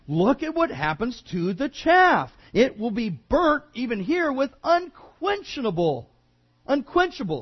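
A man's voice: high voice, slightly rough, highs cut off. A male preacher giving a verse-by-verse sermon in an emphatic, conversational way, often repeating himself.

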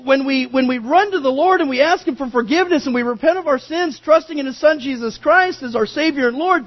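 A man preaching a sermon, telling the story with animated, dramatic delivery. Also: extremely high pitch, muffled recording.

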